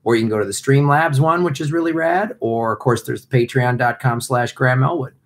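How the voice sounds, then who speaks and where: A man of middling pitch co-hosts a casual live online show. He talks in an animated, teasing way, ribbing his partner and thanking viewers for their support. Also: a little fast. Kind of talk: casual comedic chat.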